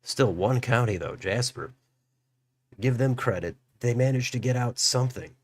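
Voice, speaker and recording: A man's voice: medium pitch, normal speed. A man hosting a political livestream, musing aloud as he reads out election results. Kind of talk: live election results commentary.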